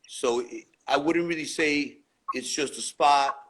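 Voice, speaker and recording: In a casual interview over loud background noise, a New York graffiti writer tells stories about his work, laid-back and swearing freely in street slang. His voice is on the high side and a little slow, and the audio quality is poor.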